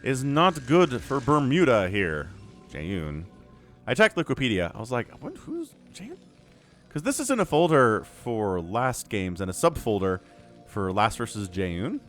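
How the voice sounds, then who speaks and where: A man's voice: on the low side, big pitch swings, unhurried, faint music behind. A man casting a strategy game match solo, chatty and rambling with jokey asides. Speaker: esports caster. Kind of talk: solo play-by-play game commentary.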